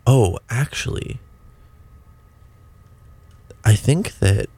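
A man's voice: on the low side, animated, normal speed, gravelly. A young man hosting a college radio show, chatting casually and rambling with lots of restarts. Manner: rambling, restarting, self-deprecating. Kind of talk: casual on-air chat.

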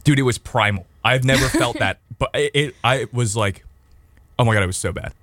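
A young man co-hosting a college radio show, telling a story in a rambling, animated way with many fillers, on a close studio mic. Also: mid-range voice, brisk, dry recording. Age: young adult. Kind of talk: casual chat.

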